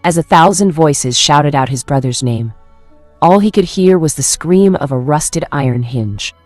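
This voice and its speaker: A woman narrating a fan fiction story in a steady, dramatic manner. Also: low-pitched, a little slow, no room sound, soft background music.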